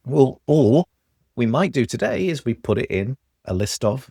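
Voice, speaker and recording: A man with a Stoke Midlands accent, a podcast guest telling lively examples in casual conversation. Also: mid-range voice, normal speed, no echo, studio quality. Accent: Stoke, English Midlands.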